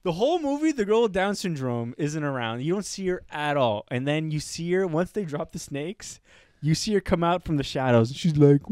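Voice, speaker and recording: A man's voice: a little high, expressive, fast, a little mellow, clean tone, dry recording. A man with a Canadian accent co-hosting a podcast, telling a story in casual, comedic chat, laughing often and acting out voices. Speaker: podcast co-host.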